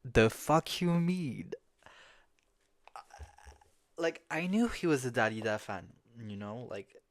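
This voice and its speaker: A man of middle pitch tells a story in a loose, profane way. He often laughs at himself, and he talks into a phone. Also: lively intonation, slow. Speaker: podcast host. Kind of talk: casual storytelling.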